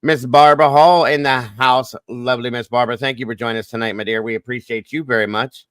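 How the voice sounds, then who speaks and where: A man hosting a livestream, rattling off quick, folksy greetings to viewers by name. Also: mid-range voice, steady tone, fairly bright tone, smooth, no echo, studio quality. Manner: fast, folksy greetings with Southern-style phrasing. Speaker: livestream host. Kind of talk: casual livestream shout-outs.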